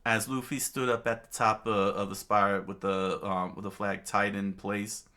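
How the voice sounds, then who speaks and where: A man casually reading a comic aloud, halting often with fillers and restarts. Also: fairly low pitch, flat delivery, sharp tone. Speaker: reader of a comic.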